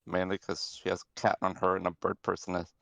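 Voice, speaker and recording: A man running a tabletop game as game master, narrating in a relaxed way with hesitant fillers and corrections. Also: low voice, a little fast, creaky, no room sound.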